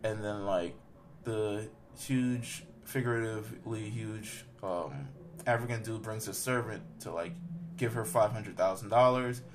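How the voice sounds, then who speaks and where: A man's voice: fairly low pitch, unhurried, noisy background. Rambling young man recapping a film. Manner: rambling, profane, many fillers. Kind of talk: casual chat, recapping a film.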